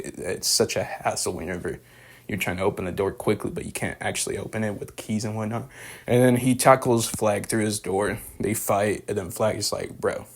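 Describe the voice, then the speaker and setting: A young man recapping and reviewing a show in a loose, rambling way, full of fillers and slang. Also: lowish voice. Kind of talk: casual spoken recap and review.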